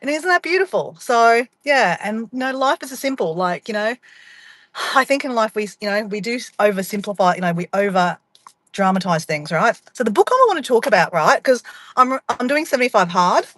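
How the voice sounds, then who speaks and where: A woman's voice: fairly high pitch, expressive, fairly quick, fairly bright tone, dry recording. Chatty Australian woman vlogging from her car. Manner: chatty and rambling, often addressing viewers as guys. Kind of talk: casual chat to camera. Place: inside a parked car.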